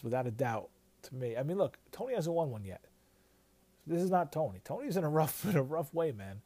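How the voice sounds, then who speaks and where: A man's voice: mid-range voice, warm tone, breathy edge, no room sound. A man hosting a podcast in a loose, casual commentary style. He swears freely and often restarts his sentences. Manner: loose and profane, with many restarts. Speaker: podcast host.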